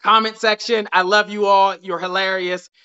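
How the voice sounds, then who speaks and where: A man's voice: high-pitched, little pitch movement, moderate pace, pushed and bright, clear, resonant tone, dull audio. A man hosting a live dating show, chatty and upbeat, losing his voice near the end of the night. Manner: chatty and upbeat, with frequent restarts. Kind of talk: casual live-stream chat.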